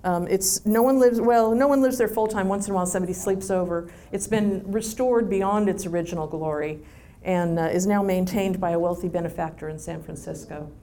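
A woman answering audience questions in a chatty, relaxed way, with frequent ums and restarts. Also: mid-range voice, a little fast, slight background noise. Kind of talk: casual Q&A answers.

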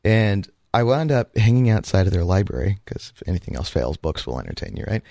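A man co-hosting a radio talk show, telling a story in a casual, animated way and acting out the voices he quotes. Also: low voice, a little fast, creaky, no echo, clean studio sound.

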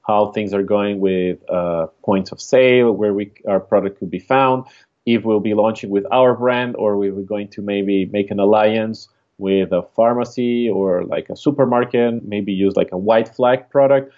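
A man's voice: fairly low pitch, moderate pace, muffled recording. A man with a Spanish accent, a startup co-founder, chatting easily as a guest in a casual podcast interview.

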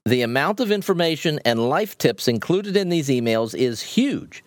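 Lively man co-host in a dry room. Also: fairly high pitch, moderate pace, no echo. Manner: upbeat, reads listener reviews aloud. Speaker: podcast co-host. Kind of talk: casual podcast chat.

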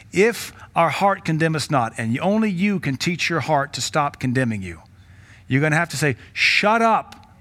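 A Southern American pastor preaches in a slightly high-pitched male voice. He drives his points home with urgency and pushes his voice up sharply when he acts out stern rebukes. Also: a bit bright. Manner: exhorting, rises sharply when voicing quoted rebukes. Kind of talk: sermon.

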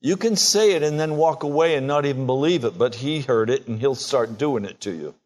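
A man's voice: lively intonation, brisk. A man in his sixties preaching a sermon, emphatic, acting out prayers in a rising voice. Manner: emphatic, acts out quoted prayers with rising pitch.

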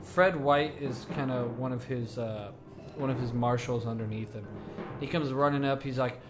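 A man narrating a tabletop game as game master, relaxed and halting with fillers. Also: medium pitch, over music.

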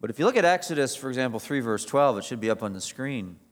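A man giving a sermon as pastor, moving between quiet reflection and raised, emphatic preaching. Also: mid-range voice, lively intonation, fast.

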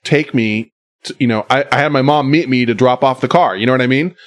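A man's voice: medium pitch, fairly quick. Rambling casual podcast host, man. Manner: rambling storytelling with frequent fillers and swearing. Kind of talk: casual chat.

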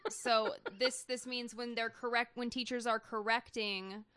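A woman's voice: on the high side, steady tone, unhurried, sharp tone, clear, resonant tone. A woman co-hosting a comedy podcast who raises news items and dryly teases her co-host in casual chat. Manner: dry, teasing, brings up news stories.

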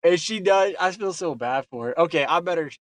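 Man with a chatty, halting manner. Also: on the high side, lively intonation, dry recording. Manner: hesitant, repeats words, effusive. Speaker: guest on a community call. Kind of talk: casual chat.

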